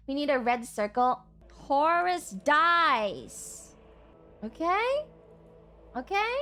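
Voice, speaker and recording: A young woman streaming live to her chat, highly emotive, laughing often and swearing freely. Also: fairly bright tone.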